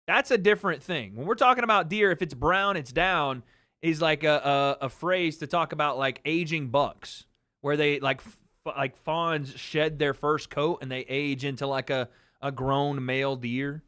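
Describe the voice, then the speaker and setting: A man's voice: fairly high pitch, normal speed, clear, resonant tone, no echo, studio quality. A man hosting a livestream, casually telling a story and answering his chat. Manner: animated storytelling, talks to chat. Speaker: livestream host.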